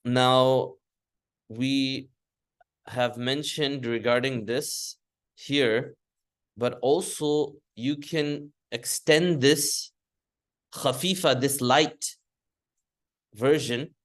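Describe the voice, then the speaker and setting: A man's voice: medium pitch, steady tone, very slow, long pauses. A man teaching a grammar lesson in a classroom lecture style. He speaks patiently, restating his points often, with frequent fillers and restarts. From United States. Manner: patient, repeats and reformulates points with many fillers.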